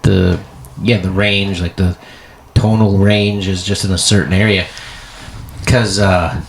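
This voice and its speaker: A low-pitched man with a gravelly, fry-heavy voice rambles through casual podcast talk. He swears freely and restarts his sentences often, with a faint hiss under the recording. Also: level tone, measured pace. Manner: rambling, profane, full of restarts. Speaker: podcast co-host and comedian.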